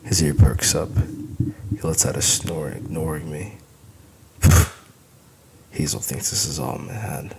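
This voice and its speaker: Very deep gravelly male audiobook narrator. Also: slow, noisy background. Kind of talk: first-person audiobook narration.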